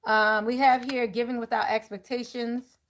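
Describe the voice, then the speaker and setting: A woman's voice: fairly high pitch, little pitch movement, normal speed, slight background noise. A woman doing a live tarot reading, chatting casually and talking to her viewers as y'all. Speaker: tarot reader.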